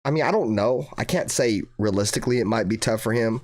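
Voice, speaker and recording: Speaking quickly in a mid-range voice, this young guy runs a fan channel livestream and reads out comments from viewers. The chat is casual, full of swearing and constant "bro."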